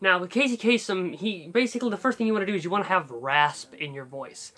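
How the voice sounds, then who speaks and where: A man's voice: high-pitched, lively intonation, quick pace, sharp tone. A man hosting a casual voice-impression tutorial, talking in a rambling way with fillers and restarts. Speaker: YouTube voice tutorial host.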